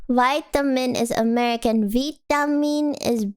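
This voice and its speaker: This young woman streamer has a clean tone on the high side and keeps a measured pace with few pauses. In casual chat with live viewers, she reads out their messages, giggles often, and rambles across topics.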